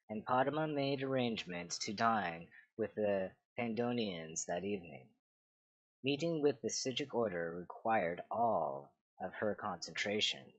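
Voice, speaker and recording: A man reading a fantasy story aloud in a steady, measured way. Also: on the low side, no echo, dull audio. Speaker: reader of game lore books.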